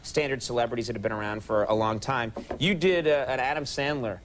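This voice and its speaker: A man's voice: mid-range voice, fairly quick, slight background noise. A man hosting a talk show, asking questions in a wry, playful way. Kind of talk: casual interview.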